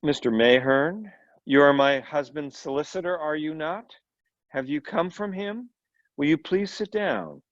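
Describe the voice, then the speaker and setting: A man reading the part of a quiet, composed foreign woman who is tall and pale, in a story reading. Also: a little high, lively intonation, a little slow, dry recording. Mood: cold. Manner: quiet, composed, then intense. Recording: dull lo-fi recording.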